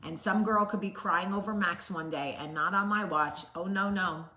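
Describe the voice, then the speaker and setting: A woman's voice: on the low side, moderate pace, sharp tone. A woman host giving a blunt, sassy motivational talk straight to the camera. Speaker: vlog host. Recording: roomy echo.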